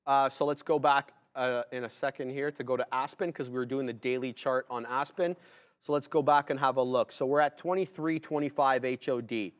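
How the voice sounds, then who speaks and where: A man co-hosting a live trading stream, talking casually through charts and correcting himself aloud. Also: a little high. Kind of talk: live market commentary.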